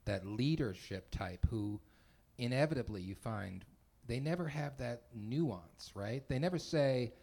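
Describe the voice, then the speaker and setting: A man chatting casually as a host, relaxed and thoughtful. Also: medium pitch, a little slow, gravelly. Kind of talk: casual chat.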